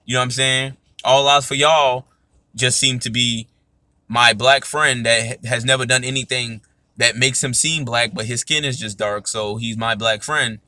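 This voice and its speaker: An emphatic man talks through a casual podcast monologue. His voice is bright and forceful, sits at a medium pitch, and is recorded close and dry. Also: fairly even intonation, moderate pace, no room sound. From United States. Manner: emphatic, repeats "you know what I'm saying". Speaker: podcast host.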